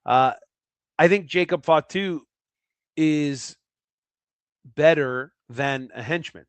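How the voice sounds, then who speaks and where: A man's voice: fairly high pitch, takes it slowly, clear, resonant tone, no room sound. A man co-hosting a casual sports podcast, talking in a thoughtful way and often repeating words as he thinks. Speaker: podcast co-host.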